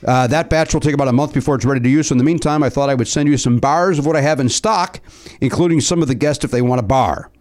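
A man with a Chicago accent co-hosting a podcast, chatting casually and halting often with fillers. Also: medium pitch, darkish tone. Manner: rambling, halting delivery with many fillers. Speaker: podcast co-host.

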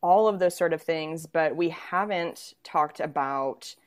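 A young woman hosts a casual podcast interview. Her voice sits slightly low, and she talks with bright enthusiasm and frequent laughter. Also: unhurried. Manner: lively, laughs often, enthusiastic. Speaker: podcast host.

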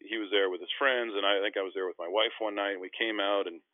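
A middle-aged man, a former basketball player, telling stories in a casual interview and acting out the quoted voices with lively energy. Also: fairly low pitch, fast, no room sound. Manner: animated storyteller, acts out quoted voices. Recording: tinny phone-like line.

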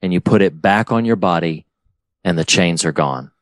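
A man's voice: low voice, animated, normal speed, no room sound. A man hosting a casual film discussion, speaking earnestly and effusively, rambling as he describes how moved he was. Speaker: podcast host.

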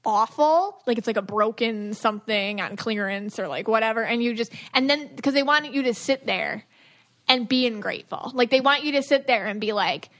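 Animated woman chatting on a podcast. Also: fairly high pitch, brisk. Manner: animated, acts out quoted voices, many fillers. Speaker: podcast co-host. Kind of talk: casual chat.

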